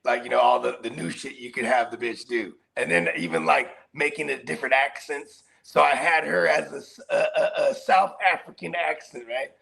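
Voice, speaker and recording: A man's voice: mid-range voice, normal speed, vocal fry, few pauses, fairly bright tone. A man co-hosting a podcast in casual chat, laughing often and acting out quotes in other voices. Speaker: podcast co-host.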